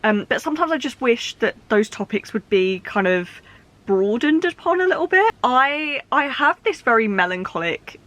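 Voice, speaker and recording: A woman's voice: on the high side, very animated, normal speed, fairly bright tone. A young woman chatting casually in a book vlog, rambling along with frequent laughs and restarts. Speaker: book vlogger.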